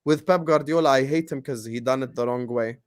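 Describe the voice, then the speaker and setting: A young man, ranting in a heated casual podcast chat, repeating his lines and swinging from loud to low. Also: brisk. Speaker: co-host.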